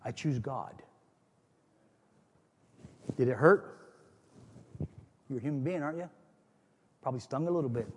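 A man preaching a sermon as pastor, with animated storytelling that acts out scenes. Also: medium pitch, fairly quick, long pauses, a little hiss or hum. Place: church. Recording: long reverb of a church hall.

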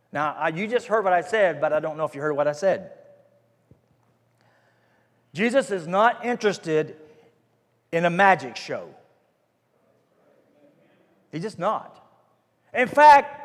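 A man preaching a sermon as pastor, folksy and emphatic, repeating his phrases for weight. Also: high voice. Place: church hall. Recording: echoey hall reverb.

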